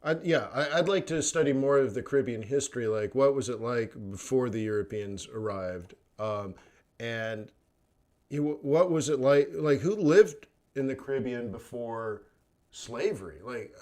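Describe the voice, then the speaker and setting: A man's voice: medium pitch, lively intonation, moderate pace, a little mellow. A man hosting a trading livestream in casual chat, rambling between topics, laughing often and acting out quoted voices. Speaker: forex trading livestream host.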